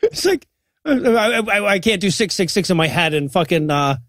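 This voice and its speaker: A man co-hosting a comedy podcast, retelling a film's plot in a profane, animated way with quoted lines. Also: sits high, normal speed, no room sound. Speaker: podcast co-host. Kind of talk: comedic movie recap chat.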